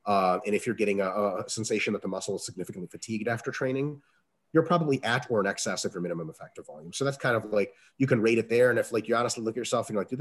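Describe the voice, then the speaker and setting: A man answering interview questions as a strength coach, talking casually, with salty language and lively acted-out quotes. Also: on the low side, slightly rough. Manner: profane, animated, acts out quoted dialogue.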